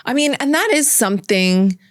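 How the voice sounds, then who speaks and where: A woman's voice: fairly high pitch, lively intonation, moderate pace, no echo, studio quality. A woman hosting a podcast interview, affirming her guest in casual chat. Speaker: podcast host.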